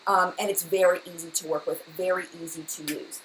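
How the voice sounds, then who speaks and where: A woman in her thirties hosting a live stream, answering viewers in a fast, rambling, chatty way with many fillers. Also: lowish voice, fairly even intonation, a bit bright, slight background noise, rough recording. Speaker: beauty channel host.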